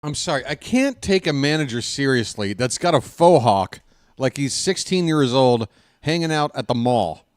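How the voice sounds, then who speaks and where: A man's voice: mid-range voice, animated, normal speed, dry recording. A man ranting sarcastically and with exasperation as a fan commentator, in casual live baseball talk on a close desk mic.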